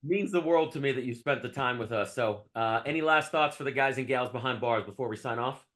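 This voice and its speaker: A man hosts a conversational interview at a mid-range pitch. He asks questions in a measured, encouraging way. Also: fairly bright tone. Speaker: podcast host.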